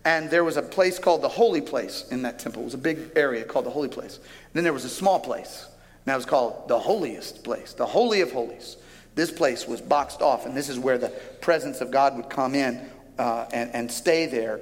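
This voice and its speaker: A man preaching a sermon as pastor, speaking with animated, emphatic delivery and drawing out key phrases. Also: medium pitch, moderate pace. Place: large church auditorium with a stage. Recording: long hall reverb from a large auditorium.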